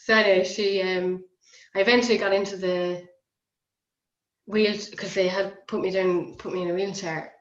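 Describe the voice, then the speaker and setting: A woman's voice: medium pitch, steady tone, normal speed, roomy sound, lo-fi sound. A woman telling her birth story in a chatty, casual way, laughing often. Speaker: podcast guest.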